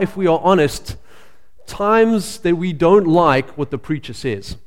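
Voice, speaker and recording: A man's voice: a little high, a little mellow. Man preaching a sermon in an echoey church. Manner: conversational storytelling with frequent 'uh' pauses. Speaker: pastor. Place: church sanctuary. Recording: long reverb of a church hall.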